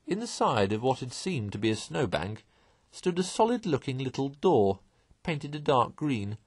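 A man reads a classic storybook aloud in an expressive way. His voice is husky and sits at an ordinary pitch, rising and falling in a lively way. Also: no room sound. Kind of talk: storybook reading.

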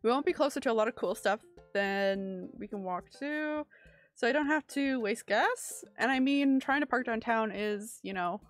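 A woman's voice: on the high side, moderate pace, close to an everyday voice. A woman voicing a sentimental, easygoing middle-aged single dad from a video game, reading his lines aloud in a fond, storytelling way. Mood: jokey. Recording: quiet music under the voice.

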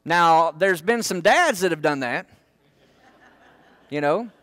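A man's voice: on the high side, lively intonation, slow pace, a bit bright, no room sound. A man preaching a sermon in church, folksy and full of joking asides. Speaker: pastor.

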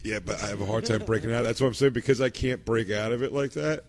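A man's voice: mid-range voice, fast. Crude, riffing male podcast co-host. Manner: crude, riffing, acts out bits. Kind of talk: casual comedy chat.

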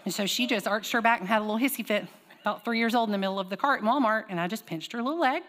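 Woman pastor, sermon, fairly high voice, long church reverb, animated storytelling. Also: rapid-fire. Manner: animated storytelling with call-and-response. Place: church sanctuary.

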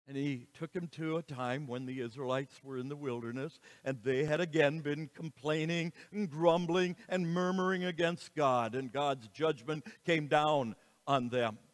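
A man preaching a sermon as pastor, slow and emphatic, with dramatic rises and falls in his voice. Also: a little high. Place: church sanctuary. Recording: reverberant church hall.

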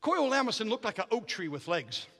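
Middle-aged guy preaching, really high bright voice, big echo off the church hall. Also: fast talker. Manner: animated storytelling that builds to fervent shouting. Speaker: guest preacher. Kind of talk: sermon. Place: church sanctuary.

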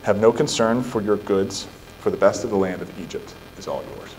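A man's voice: lowish voice, fairly quick, a little hiss or hum, low-quality recording. Male pastor preaching and reading scripture. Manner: emphatic rhetorical questions, then steady scripture reading. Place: church sanctuary.

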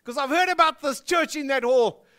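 A man's voice: very high voice, moderate pace, sharp tone, voice pushed up. A man with a South African accent voicing a skeptical male cycling friend who needles him incredulously. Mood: teasing.

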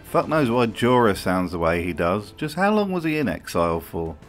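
A man's voice: fairly low pitch, very animated, moderate pace, soft background music. Sarcastic, profane male commentator. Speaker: video commentator. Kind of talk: scripted commentary.

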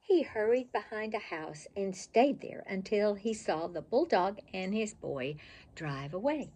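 An older woman reading a picture book aloud as a storyteller, in an expressive, slow and animated way. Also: medium pitch.

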